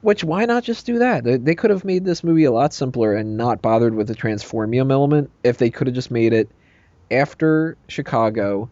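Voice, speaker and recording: A man, chatting casually as a podcast co-host reviewing a movie, animated and jokey. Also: medium pitch, brisk, dry recording, highs cut off. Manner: animated, jokey, quotes lines in put-on voices.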